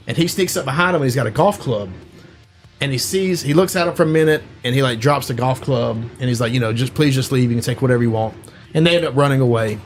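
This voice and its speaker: Podcast co-host, a man, loose rambling recap of a film with faint music behind him. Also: medium pitch. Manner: rambling, full of "like" and "you know". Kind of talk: casual chat retelling a movie plot.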